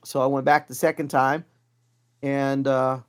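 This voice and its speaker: A man's voice: mid-range voice, a little slow, smooth. A man recounting his martial arts past in a casual interview, acting out the voices of people he met. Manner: animated, acts out quoted voices. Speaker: martial arts instructor, guest. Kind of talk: casual storytelling.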